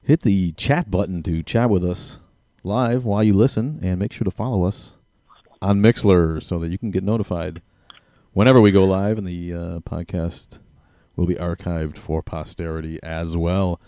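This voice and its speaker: A man's voice: low voice, fairly even intonation, normal speed, dark tone, dry recording, clean studio sound. A man hosting a live podcast, upbeat as he introduces his guest and reads out a bio. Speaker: podcast host. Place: small room in a downtown venue.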